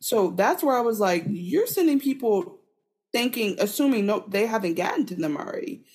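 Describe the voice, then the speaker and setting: A woman's voice: medium pitch, lively intonation, moderate pace, darkish tone, breathy edge. A woman co-hosting a podcast, giving emphatic, playful commentary on episodes. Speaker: podcast co-host. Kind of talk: casual recap chat.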